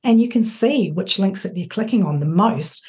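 A woman co-hosting a podcast in casual chat, measured and agreeable as she explains. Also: medium pitch, animated, darkish tone. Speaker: podcast co-host.

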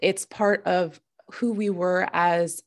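A woman guest in casual chat, self-deprecating and quick to laugh, turning earnest and reflective as she explains. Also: on the low side, steady tone. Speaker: podcast guest.

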